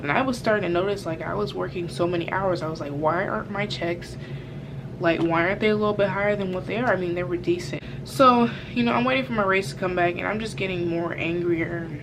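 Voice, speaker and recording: A young woman telling a casual storytime vlog, rambling with lots of fillers and frank cursing. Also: lowish voice. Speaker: vlogger. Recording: background noise.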